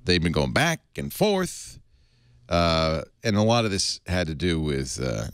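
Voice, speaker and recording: A man's voice: sits low, a little slow, clean tone, dry recording, clean studio sound. A man hosting a casual tech podcast, reading news stories aloud with many fillers and chuckles. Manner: animated, reads news aloud with fillers and laughs. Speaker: host.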